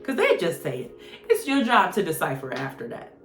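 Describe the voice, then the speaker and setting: A woman's voice: fairly low pitch, wildly swooping pitch, moderate pace. Blunt, joking woman reading tarot. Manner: blunt, slangy and profane, joking. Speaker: tarot reader. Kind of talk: casual channeled tarot reading. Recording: roomy echo with faint music.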